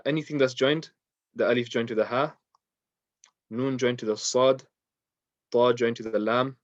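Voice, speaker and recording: A man's voice: mid-range voice, no echo, dull audio. A man teaching an online Quran recitation class, patient and repetitive, with frequent ums and uhs.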